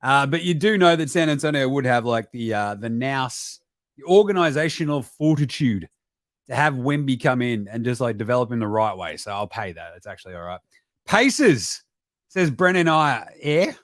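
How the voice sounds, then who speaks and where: An Australian man hosting a basketball stream, talking in a sweary, animated way that jumps into mocking voices and sudden shouts. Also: mid-range voice, normal speed, dry recording, studio quality. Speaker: basketball podcast host. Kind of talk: profane casual live-stream commentary.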